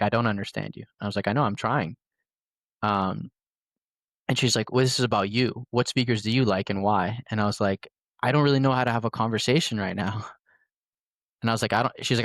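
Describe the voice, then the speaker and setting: Young male podcast host, rambling storyteller, lowish voice, dry close sound. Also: fairly bright tone, dry recording. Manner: rambling storytelling with many fillers. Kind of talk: casual conversation.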